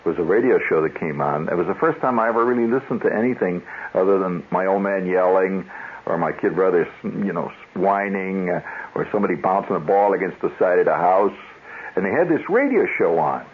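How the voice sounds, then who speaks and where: Husky, lively-voiced male radio host. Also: low voice, brisk. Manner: wry, storytelling, self-interrupting. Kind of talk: rambling monologue. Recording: dull lo-fi 1970s radio broadcast.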